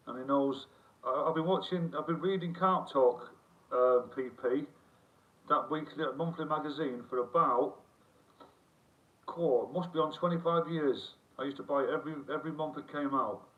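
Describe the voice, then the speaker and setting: A middle-aged man with a fairly high voice hosts a casual live stream at normal speed, rambling, swearing freely, and reading comments aloud. The sound is tinny and phone-like, and he seems far from the mic.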